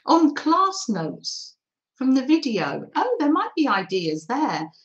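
A woman with a fairly high, lively sing-song voice hosts a live craft session at an unhurried pace. She chats and thinks aloud while she paints, and she thanks viewers for their comments. The audio is dull and lo-fi. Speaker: craft livestream host. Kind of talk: live mixed-media art demo.

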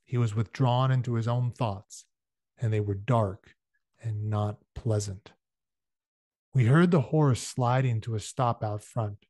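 A man's voice: mid-range voice, slow pace, a little mellow, no echo, clean studio sound. A man reading a novel aloud chapter by chapter, breaking in now and then with casual explanations for his listeners. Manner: casual explanatory asides between passages. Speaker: audiobook reader.

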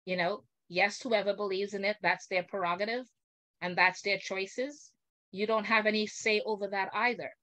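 An older woman, a guest on a video call, telling an indignant story with animated, acted-out quotes. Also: medium pitch, moderate pace.

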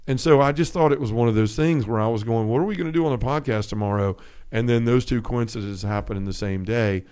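A man retells a film scene on a casual faith podcast. He slips into the characters' lines as he goes, his pitch rising and falling freely, at an easy pace. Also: fast, clean tone. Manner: animated storyteller, acts out quotes. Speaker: podcast co-host.

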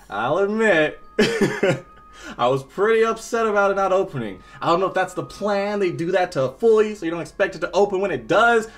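A man's voice: high-pitched, animated, normal speed, fairly bright tone. A man talking through a toy unboxing to viewers, exasperated and jumpy, breaking into laughter. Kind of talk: casual unboxing commentary.

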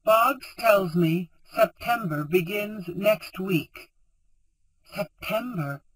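Brief: male audiobook narrator, high light voice, steady first-person reading. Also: measured pace, poor audio.

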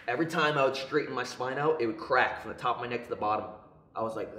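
Young guy rattling off a story quick, lowish voice, roomy echo. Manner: animated, acts out quoted voices. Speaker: podcast co-host. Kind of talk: casual storytelling. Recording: echoey room.

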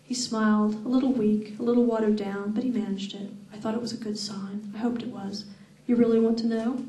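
A woman reading her first-person novel aloud at a live event, in a steady, expressive voice. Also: medium pitch, a little fast. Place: event hall. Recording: echoey room, far from mic.

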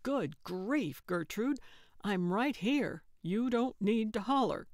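A woman's voice: mid-range voice, expressive, slow, darkish tone, no room sound. A woman voicing an exasperated, dry-witted male sidekick in an audiobook, speaking with weary sarcasm. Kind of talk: audiobook character voice.

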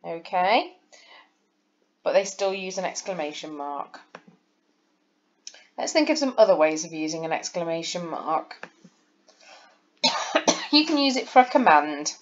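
Lively, slow-paced woman teacher. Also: fairly low pitch, muffled recording, a little hiss or hum. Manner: patient, explaining step by step to young children. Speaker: primary school teacher. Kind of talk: recorded lesson over slides.

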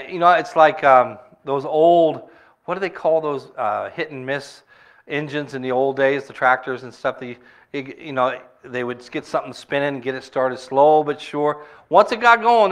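A man's voice: a little high, fairly bright tone. A middle-aged male pastor preaching a sermon in a conversational, storytelling way, full of rhetorical questions to the congregation.

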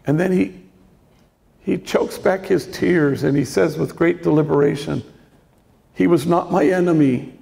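Older priest, slow and gravelly, gentle storyteller, long hall reverb. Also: male voice, fairly high pitch. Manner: gentle, reflective storytelling with quoted dialogue. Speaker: priest giving a talk. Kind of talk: storytelling lecture on faith. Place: large lecture hall.

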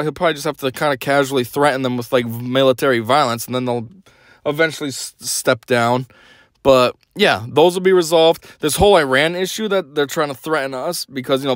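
A man's voice: a little high, dry recording. Ranting, sarcastic young man. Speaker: podcast host. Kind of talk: opinion podcast monologue.

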